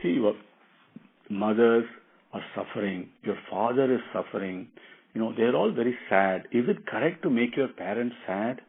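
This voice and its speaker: A man voicing a wise old male sage guru, speaking gently and reassuringly, on a tinny phone-like recording. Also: medium pitch, expressive, normal speed, slightly rough. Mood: gently coaxing.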